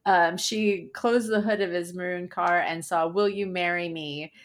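A woman's voice: fairly low pitch, steady tone, unhurried. A woman co-hosting a podcast, chatting casually and reading out funny stories with frequent laughter. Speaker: podcast co-host.

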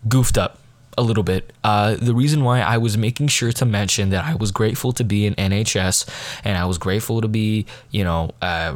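A man's voice: on the low side, no room sound. A teenage boy hosting his own podcast, rambling and self-deprecating, often losing his train of thought. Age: teens. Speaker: podcast host. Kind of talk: casual podcast monologue.

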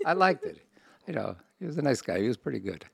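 A man's voice: mid-range voice, big pitch swings, quick pace, vocal fry, breathy edge, no room sound. A man co-hosting a casual podcast, joking with hesitant restarts. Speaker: podcast co-host. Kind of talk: casual chat.

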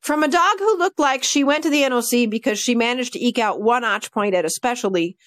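A woman dog trainer telling stories in a casual podcast chat, animated and full of fillers. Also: on the high side, a little fast, dry recording, studio quality. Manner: chatty, animated, with many fillers like "like" and "you know".

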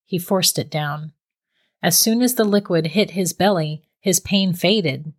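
A woman narrating a story in a steady, measured reading voice. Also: fairly low pitch.

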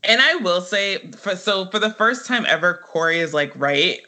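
Woman co-host, casual sitcom recap, bright tone, loose and filler-heavy delivery. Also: lowish voice, moderate pace. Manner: chatty, full of fillers, quotes characters in animated voices. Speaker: podcast co-host.

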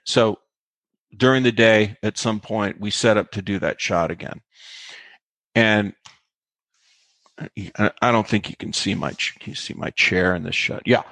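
A man's voice: lowish voice, a little slow, long pauses, no room sound. A man casually telling anecdotes from a film set, acting out quotes with lots of fillers. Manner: animated storyteller, acts out quotes, many fillers. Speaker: guest telling set stories. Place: home with a set replica chair.

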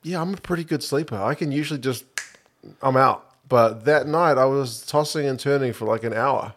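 A man, co-hosting a casual podcast and chiming in with quick jokes. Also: mid-range voice, fairly bright tone. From New Zealand. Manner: quick, joking interjections. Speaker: podcast co-host. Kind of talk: casual chat.

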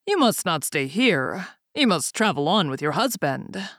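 Storybook figure: an angry old king, low and slow, issuing firm commands, as a woman reads his part. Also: sing-song, a bit bright, no room sound, studio quality, heavily acted. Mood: commanding.

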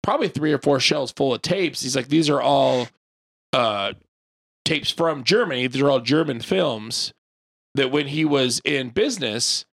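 A podcast co-host telling a long, rambling story in casual chat, full of "like" and the odd swear word. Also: male voice, medium pitch, expressive, unhurried, gravelly, a bit bright.

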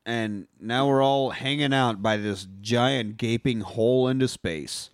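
A man co-hosting a podcast, casually recapping a film with crude jokes and quick asides. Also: medium pitch, clear, resonant tone, no room sound, clean studio sound. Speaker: podcast co-host. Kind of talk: casual movie discussion.

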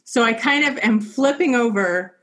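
A woman co-hosting a podcast, chatting casually and telling an animated story, laughing often as she talks. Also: a little high, moderate pace. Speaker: podcast co-host.

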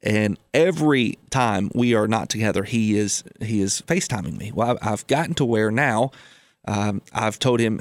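A man's voice: mid-range voice, dry recording. A man hosting a personal finance radio show, telling a folksy family story and repeating key lines for emphasis. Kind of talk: casual radio talk about personal finance. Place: radio studio.

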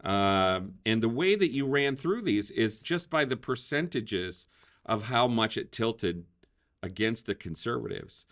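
A man's voice: on the low side, fairly bright tone. A man hosting a casual political talk show, chatty, laughing often and using many fillers. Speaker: podcast host.

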